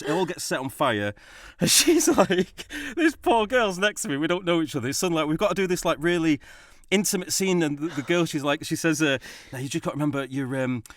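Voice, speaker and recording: A man, co-hosting a podcast and telling a story in a casual, animated way, swearing and laughing often. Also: on the high side. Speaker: podcast co-host.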